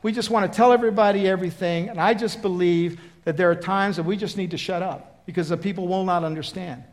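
A man with a high voice preaches in a folksy, conversational style, acting out Bible dialogue with lively emphasis. He talks fast.

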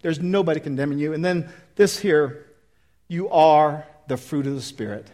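A man in his fifties preaching a sermon and leading an altar call, emphatic and swinging from loud exhortation to quiet pleading. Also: high voice. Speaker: pastor.

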